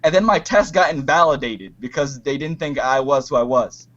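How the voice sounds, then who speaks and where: A young man telling a long personal story on a call, hesitant with many pauses and fillers. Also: mid-range voice, a bit bright. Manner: hesitant, many ums, acts out quotes. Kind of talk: casual storytelling. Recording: muffled lo-fi call audio.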